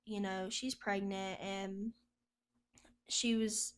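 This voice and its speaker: A woman's voice: medium pitch, level tone, slow pace. A woman sharing a personal testimony as a podcast guest, telling her story in a chatty, casual way and laughing often.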